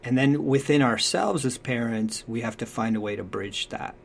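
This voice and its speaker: A man's voice: medium pitch, normal speed, creaky. A man talking through parenting advice in a reflective, conversational way, often checking in with "right?".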